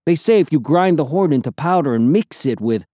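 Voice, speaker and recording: A man's voice: fairly high pitch, animated, brisk, dark tone, no echo, clean studio sound. Man doing an eager knife-laden lookout.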